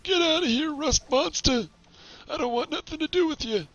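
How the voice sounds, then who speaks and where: A man's voice: very high-pitched, moderate pace, a bit bright, lo-fi sound, soft background music. A man voicing a grumpy old male robot war veteran in a rambling, grumbling old-timer manner while streaming a game.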